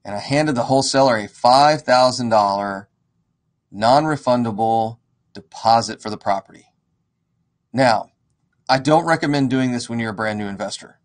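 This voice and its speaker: A man telling a casual, animated story to an audience, acting out the dialogue. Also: mid-range voice, normal speed. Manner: animated, acts out quoted dialogue. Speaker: real estate investor and educator.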